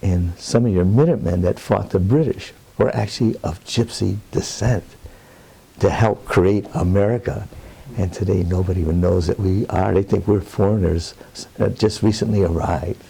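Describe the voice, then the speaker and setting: A man's voice: low voice, moderate pace, gravelly, warm tone, husky. An older man being interviewed, telling a personal story in an earnest, plainspoken way with rambling asides. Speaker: interviewee, Roma advocate.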